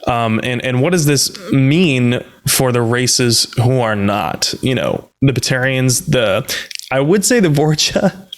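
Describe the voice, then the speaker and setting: A man hosting a podcast, explaining game lore in a casual, steady, explanatory way. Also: medium pitch, slow. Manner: explanatory, steady, runs through lists of facts. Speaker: podcast host.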